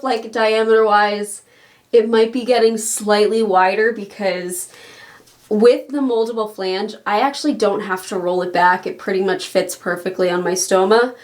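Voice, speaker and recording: A chatty woman talks casually to her camera, rambling through her thoughts with small laughs along the way. She sounds a little out of breath as she goes. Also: a little high. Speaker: vlogger.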